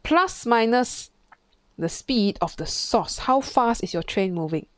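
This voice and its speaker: A woman's voice: a little high, sing-song, takes it slowly, no room sound, studio quality. A woman physics tutor, talking through an exam question in a chatty way, thinking aloud and imitating sounds. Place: classroom.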